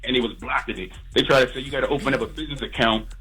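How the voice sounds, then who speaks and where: Radio caller, man, mid pitch, fast and earnest, stumbles over words, faint music. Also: pushed and bright, husky, poor audio. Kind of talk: radio call-in.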